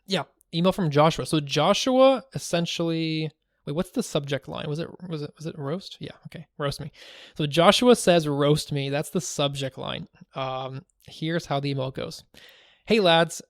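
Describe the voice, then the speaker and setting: A man co-hosting a podcast in casual chat, chatty and joking, quick to laugh. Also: fairly high pitch, no room sound, studio quality. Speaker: podcast co-host.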